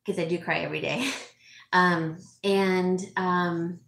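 A woman's voice: on the low side, steady tone, takes it slowly, creaky, fairly bright tone. Emotional chatty woman in an echoey room. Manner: emotional, chatty, laughs often, many fillers. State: teary, sniffling. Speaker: home stager and vlogger. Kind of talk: casual chat reading viewer comments.

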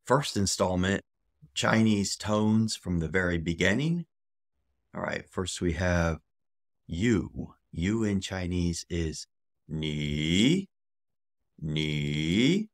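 Man, language teacher, deep voice, dry close recording, repeats words, casual. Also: no room sound. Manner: slow, repeats each word several times, with fillers. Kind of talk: casual video lesson on tones.

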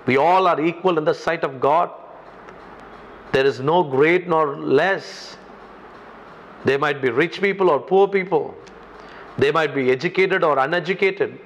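A man from India preaches in English with an Indian accent, hammering points home through repetition. His voice sits somewhat high for a man. The recording sounds muffled and lo-fi. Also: a little hiss or hum. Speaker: pastor. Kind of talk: sermon.

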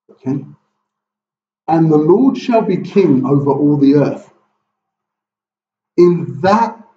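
A male pastor preaches with passion in a church hall, firing one rhetorical question after another. His voice sits a little high for a man. He is caught from across a roomy, echoing space on a dull recording. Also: slight background noise. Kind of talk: sermon. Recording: echoey, distant, dull room recording.

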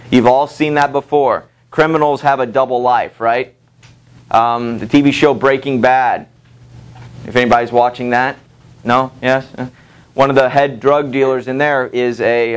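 A middle-aged male teacher gives a lecture to his class in a loose, conversational style. He leans on fillers and keeps checking in with the students. When he reads quotes aloud, his voice jumps up in pitch. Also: fairly even intonation, moderate pace, clear, resonant tone. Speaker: high school literature teacher.

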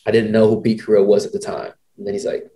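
A man in his twenties with a dark, mellow voice hosts a podcast and tells a long story in a casual way. He talks in an animated, slangy manner. He keeps quoting himself and others as he goes. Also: lowish voice, fast, creaky. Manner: animated, slangy, quotes people in his stories. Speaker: podcast host.

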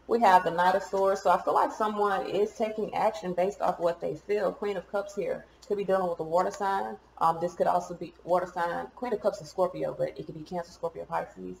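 A woman's voice: lowish voice, steady tone, fairly quick, gravelly, hardly any pauses, a little mellow, roomy sound, slight background noise, low-quality recording. A woman giving a casual tarot reading, chatty and informal, cursing now and then. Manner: chatty, swears and laughs at herself. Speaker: tarot reader.

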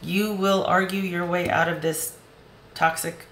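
A woman giving a tarot reading in a chatty, reassuring way, speaking straight to the viewer, her voice going hoarse. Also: lowish voice, little pitch movement, measured pace, fairly bright tone, echoey room, slight background noise, low-quality recording. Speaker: tarot reader.

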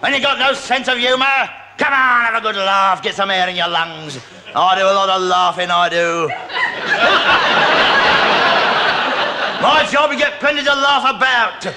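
A man's voice: high voice, moderate pace, natural voice. An actor playing a bullying drill sergeant, barking orders and mocking his recruits in a 1970s studio sitcom. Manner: jeering, barking orders, laughs at own jokes. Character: bullying male army drill sergeant who mocks recruits. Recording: hissy old TV sitcom audio with studio audience laughter.

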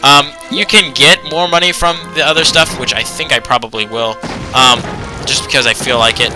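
A man's voice: mid-range voice, fairly even intonation, moderate pace, music in the background. A young man giving casual let's-play commentary on a video game, rambling along with lots of ums and anyways.

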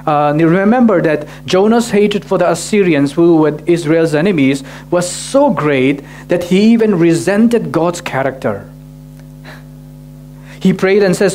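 Pastor preaching over soft guitar. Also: male voice, on the high side, lively intonation, measured pace. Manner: restates key points, frequent "right?" checks. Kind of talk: sermon. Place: church in Tokyo.

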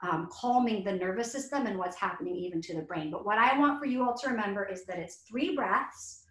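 A woman's voice: mid-range voice, a little fast, fairly bright tone. A woman leading a children's yoga breathing exercise in a webinar, speaking in a soothing, encouraging way to both kids and teachers. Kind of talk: guided yoga instruction in a webinar. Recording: roomy echo.

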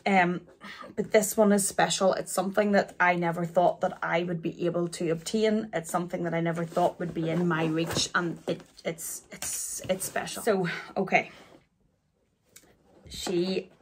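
A woman's voice: fairly low pitch, steady tone, slight background noise. Emotional woman in her forties. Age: 40s. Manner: emotional, halting, with many restarts and fillers. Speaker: luxury vlogger. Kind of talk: chatty unboxing vlog.

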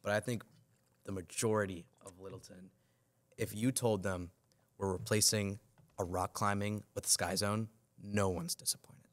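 A high school senior boy co-hosting a student podcast, chatting casually and repeating his points for emphasis. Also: steady tone, normal speed. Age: teens. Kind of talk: casual chat.

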